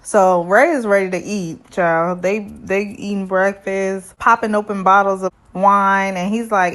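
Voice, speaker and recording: Brief: young woman, casual reality-show recap host, sassy and animated, mid pitch. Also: a little slow, few pauses. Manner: sassy, animated, lots of asides to viewers. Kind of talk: casual review commentary.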